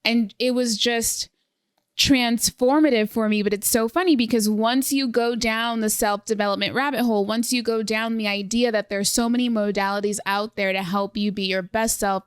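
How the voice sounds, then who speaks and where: A young woman hosting a podcast in casual conversation, lively and fond of acting out what others said to her. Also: fairly high pitch, normal speed, smooth, no room sound, clean studio sound. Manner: animated, acts out quoted exchanges. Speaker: podcast host. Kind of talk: casual interview chat.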